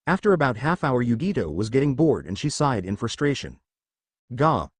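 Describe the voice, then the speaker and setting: A man reading a fan fiction story aloud as narrator, at a steady, even reading pace. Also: medium pitch, brisk, no echo.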